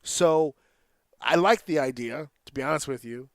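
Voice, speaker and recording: A man's voice: fairly high pitch, moderate pace, no room sound. A man hosting a casual podcast, talking in an opinionated, rambling way and swearing freely. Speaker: podcast host.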